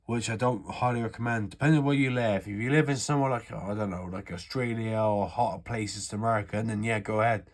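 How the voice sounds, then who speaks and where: A man's voice: fairly low pitch, quick pace, few pauses. A man from the UK giving a rambling, sweary, offhand how-to walkthrough of a gun repair. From United Kingdom. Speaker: airsoft hobbyist showing a repair. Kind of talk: casual how-to chat.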